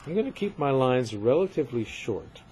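A man giving a recorded literature lecture, measured and emphatic, often repeating points for his students. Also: medium pitch, very animated, darkish tone, a little hiss or hum.

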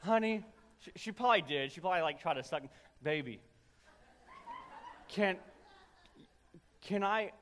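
Young male pastor, sharp bright tone, comic storytelling sermon, long church reverb. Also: high voice, measured pace, pauses often, slight background noise. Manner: humorous storytelling, animated and self-deprecating. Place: church sanctuary.

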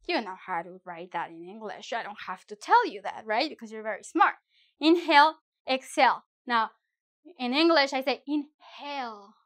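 Woman, high voice, teacher, casual video lesson, chatty, careful slow word examples. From Mexico. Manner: animated, slow careful pronunciation of example words; chatty with self-corrections and small laughs. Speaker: Spanish teacher.

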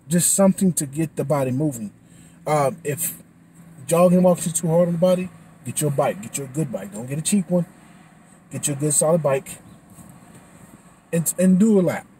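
A man talking casually after a boxing class, animated and slangy, full of restarts, a little out of breath. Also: fairly high pitch, normal speed, long pauses, a little hiss or hum, low-quality recording. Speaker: vlogger. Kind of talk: casual vlog talk.

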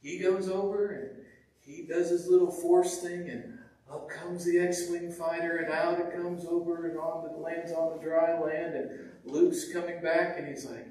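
Higher-voiced preacher, echoey and distant. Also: male voice, steady tone, measured pace, darkish tone. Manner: conversational, with restarts and repeated words. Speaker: pastor. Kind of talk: sermon. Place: church sanctuary. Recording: echoey church from far off.

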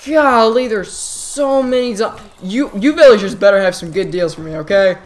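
A man talks through his game session into a desktop microphone, in loose, casual commentary. He is quick to exclaim and often restarts his sentences as things happen on screen. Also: high-pitched. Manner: excitable, frequent exclamations and restarts. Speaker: gaming channel host.

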